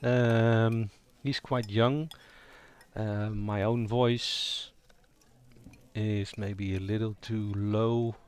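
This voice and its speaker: A man's voice: fairly low pitch, steady tone, drawn-out words, clear, resonant tone. A man giving a casual spoken tutorial on voicing roleplaying characters, thinking aloud and improvising as he goes. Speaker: roleplaying game player explaining character voices.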